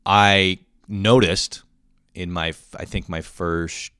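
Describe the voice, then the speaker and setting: A young man ranting in a loose, swear-heavy stream that keeps circling back on itself. His voice sits a bit low, and the sound is dry and close with almost no room around it. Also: fairly even intonation, slow, a bit bright, clean tone, no room sound. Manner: profane, rambling, self-deprecating. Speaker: vlogger. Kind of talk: casual rant.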